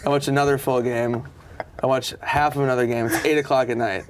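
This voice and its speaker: A man's voice: mid-range voice, brisk, background noise. A man casually telling backstage stories as a comedian, acting out what everyone said in a raised voice and swearing freely. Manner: animated, acts out quotes in a raised voice. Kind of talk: casual storytelling.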